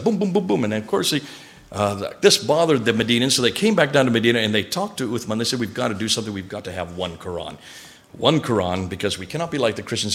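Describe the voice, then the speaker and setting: A man lecturing a live audience, animated and quizzing listeners with rhetorical questions. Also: mid-range voice.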